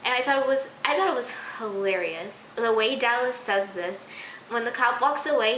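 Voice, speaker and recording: A teenage girl rambles through a casual video review, exasperated and leaning on "like" over and over. Her voice is fairly high and bright. The sound echoes off the walls of her room. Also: normal speed, slight background noise. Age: teens. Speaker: TV episode reviewer. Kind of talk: casual recap vlog.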